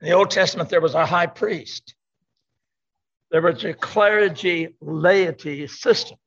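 Older man, preacher, emphatic sermon, slightly high voice, dull lo-fi recording. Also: unhurried, fairly bright tone. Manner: emphatic, repeats key words. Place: church sanctuary. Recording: dull lo-fi sound.

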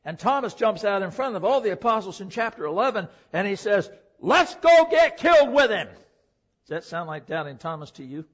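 High-voiced emphatic male preacher. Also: brisk. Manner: emphatic, swings from loud declaring to hushed. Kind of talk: sermon. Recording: dull lo-fi recording.

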